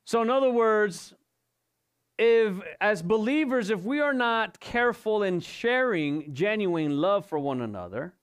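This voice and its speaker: A man's voice: sits high, animated, a little slow, clean tone. A male pastor giving an evening sermon, asking rhetorical questions and repeating his points for emphasis. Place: church service.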